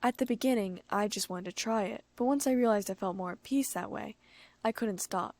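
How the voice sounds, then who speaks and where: A woman's voice: mid-range voice, a little fast, darkish tone, no room sound, lightly acted. A woman voicing a timid, apologetic young man who stammers nervously.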